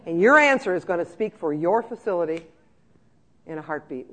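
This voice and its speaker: Speaking fast in a mid-range voice, a trainer delivers a lively, joking talk to care-home staff and acts out scenes along the way.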